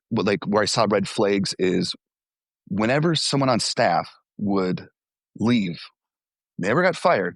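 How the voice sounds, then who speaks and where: Low-voiced man telling candid stories. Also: dry recording. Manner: candid, conversational, with frequent fillers and restarts. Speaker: former youth pastor. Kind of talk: candid interview storytelling.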